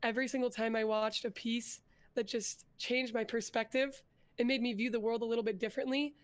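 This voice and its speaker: A young woman with a hoarse voice from being sick, chatting as a guest in an interview and telling her story in an upbeat, rambling way. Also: a little high, fairly even intonation, a little fast, no echo. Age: young adult. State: hoarse from illness. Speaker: guest vtuber. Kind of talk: casual interview chat.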